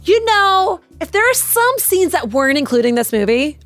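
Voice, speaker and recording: A woman's voice: extremely high pitch, big pitch swings, normal speed, a bit bright, no room sound, soft background music. A woman co-hosting a casual movie chat podcast, rambling, giggly and swearing freely. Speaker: podcast co-host.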